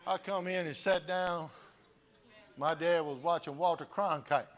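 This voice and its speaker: A man preaching a sermon as pastor, telling folksy stories with laughter and rising to shouts. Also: a little high, measured pace.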